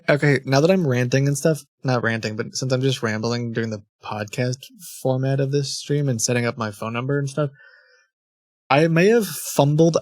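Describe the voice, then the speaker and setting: This young man, a scam-baiting streamer, rambles through casual chat, frequently restarting sentences and self-correcting with quick laughs. His voice is medium-pitched and a little mellow, and the recording is close and dry, with no echo from the room.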